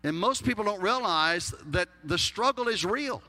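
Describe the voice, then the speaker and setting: A man's voice: high-pitched, animated, moderate pace, bright, forceful tone. A man with a Texas accent preaching a sermon as pastor, folksy and emphatic with humorous asides. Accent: Texan. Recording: long hall reverb.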